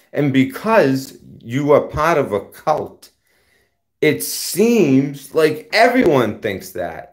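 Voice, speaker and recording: A man's voice: a little high, a little mellow. Fields: Sex: man. Role: channel host. Style: heated, profane rant aimed at a rival. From United States. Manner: confrontational, profane, addresses a rival directly.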